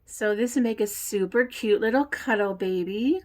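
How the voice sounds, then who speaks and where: A woman's voice: mid-range voice, moderate pace. Chatty woman doing a casual unboxing vlog. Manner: chatty and reflective, many fillers, soft laughs. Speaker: reborn doll artist and teacher.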